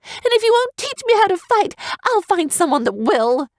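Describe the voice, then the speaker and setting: A woman reading an audiobook, voicing a headstrong young human girl raised among griffins, with high, strained, intense outbursts. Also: big pitch swings, moderate pace, gravelly, a little mellow, no room sound, studio quality, full character voice. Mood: furious.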